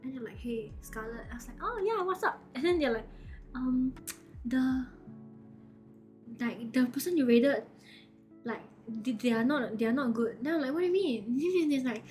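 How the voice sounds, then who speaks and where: A woman streamer, casually telling her chat a story, acting out the quoted lines with lots of laughter. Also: sits high. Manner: animated, acts out quoted lines, frequent laughter.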